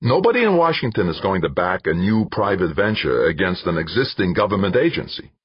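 A man's voice: sits low, fairly quick, breathy edge, dry recording, pitched above the performer's own voice, heavily acted. A man doing an eager, crafty PR man. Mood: persuasive. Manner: wheedling, insistent, excitable. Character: eager crafty male PR director. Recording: dull lo-fi dry recording.

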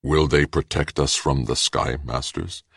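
A man with a very deep, gravelly voice voicing a timid alien villager who asks hesitant questions. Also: fairly even intonation, unhurried, a bit bright, no echo, clean studio sound, exaggerated voice. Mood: anxious.

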